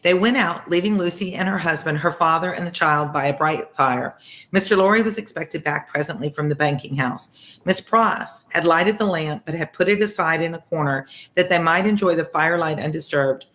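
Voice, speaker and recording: Low-voiced woman reading a classic aloud. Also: normal speed. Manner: chatty, warm-hearted asides, easily sidetracked. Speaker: former teacher reading books aloud. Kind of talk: casual read-aloud with asides.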